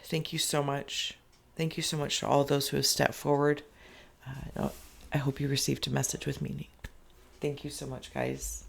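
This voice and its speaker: Gravelly, rambling spirit reader. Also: medium pitch, flat delivery, normal speed. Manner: rambling and emotional, drifting into soft half-whispers; loose, repetitive phrasing with many fillers. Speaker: spiritual reader hosting an inkblot reading channel. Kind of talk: channeled spirit reading, spoken freely.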